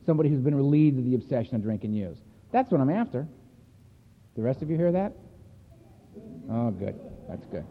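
A man's voice: mid-range voice, big pitch swings, brisk, long pauses, slight background noise. A man giving a personal recovery talk to a meeting, telling his story bluntly and with emphasis. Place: meeting hall. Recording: echoey hall over a tinny phone-like line.

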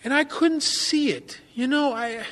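A man's voice: extremely high pitch, a little slow, a bit bright. A man giving a candid, self-mocking personal testimony at a recovery meeting, often turning to the listeners with asides.

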